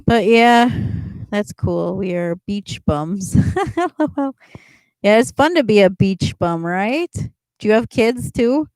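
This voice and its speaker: A middle-aged woman hosts a casual livestream chat, rambling as she answers viewers and laughing often. Her mid-range voice is animated and slow with a darkish tone, and there's no room sound.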